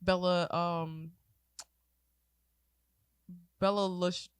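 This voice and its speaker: A woman's voice: lowish voice, moderate pace, a bit bright, no room sound. Tearful, rambling woman podcast co-host. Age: 20s. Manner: rambling, emotional, swears freely, tearful. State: teary. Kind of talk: casual chat.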